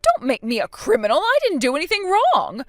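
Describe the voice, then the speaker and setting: A woman's voice: high-pitched, huge pitch swings, fairly quick, no room sound, faint music behind, pitched above the performer's own voice. A woman voicing a scheming, spiteful elderly grandmother in a texting story, talking defensively and full of self-pity. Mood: indignant. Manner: defensive, indignant, self-pitying.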